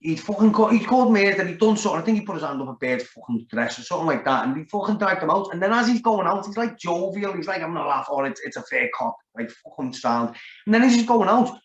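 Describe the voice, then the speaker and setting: A man's voice: sits high, lively intonation, quick pace, hardly any pauses. A man with a Liverpool accent, telling a story in casual chat, rambling and swearing heavily. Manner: rambling, heavy swearing, lots of "like". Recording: roomy, dull lo-fi sound.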